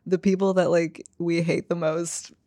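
Low-voiced woman, dry close sound. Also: flat delivery, measured pace, mellow, dry recording. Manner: filler-heavy, lots of "like". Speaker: podcast co-host. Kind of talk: casual chat.

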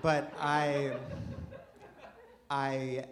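A man with a fairly high voice doing a stand-up set, talking in a chatty, self-deprecating way and tripping over his own restarts before bursting into excited exclamations. The crowd laughs around him, and the live room recording carries a clear layer of noise. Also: normal speed. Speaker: stand-up comedian. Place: live comedy venue with an audience. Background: audience laughter.

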